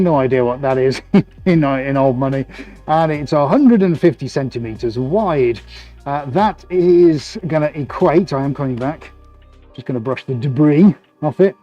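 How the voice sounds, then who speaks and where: Man, live-stream painter, chatty and jokey, warm mellow voice, faint music behind. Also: mid-range voice. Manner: chatty, jokey, laughs often while working. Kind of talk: casual live-stream commentary. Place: art studio, indoors.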